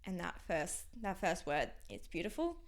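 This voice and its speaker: A young Australian woman with a lowish voice, speaking as an interview guest. Her talk has a gravelly fry to it and comes in halting, candid phrases. She often trails off into a near whisper. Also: very animated. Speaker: podcast guest.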